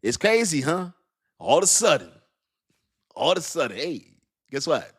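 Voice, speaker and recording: A man hosting a casual livestream, talking in an animated, slangy way, laughing often and calling out to his chat. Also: a little high, normal speed, breathy edge. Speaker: crypto livestream host.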